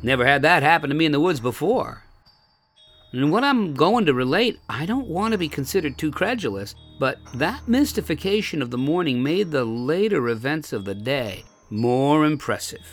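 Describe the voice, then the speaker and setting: A man reading an old-fashioned first-person story aloud with expressive storytelling. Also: a little high, normal speed, soft background music.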